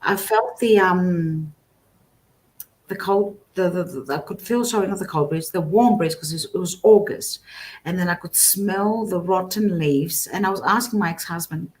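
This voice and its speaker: Middle-aged woman guest, animated storyteller, voice on the lower side, keeps correcting herself mid-sentence. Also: moderate pace. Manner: animated, lots of restarts and self-corrections. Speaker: guest psychic. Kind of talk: storytelling in a casual interview. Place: remote guest, at home.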